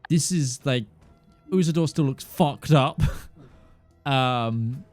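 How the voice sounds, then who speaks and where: A man narrating as game master of a tabletop game, halting and full of fillers, often breaking into laughter. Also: mid-range voice, a little mellow, no room sound, soft background music.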